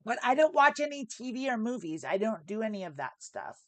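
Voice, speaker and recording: A middle-aged woman co-hosting a casual chat show, telling stories in an animated, chatty way. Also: fairly high pitch, fairly quick, no echo. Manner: chatty, animated storytelling with laughs. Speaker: co-host.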